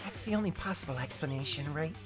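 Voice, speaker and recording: A man's voice: fairly high pitch, lively intonation, fast, a bit bright. A man voicing a mild, offhand young woman in a shrugging way while reading game dialogue aloud.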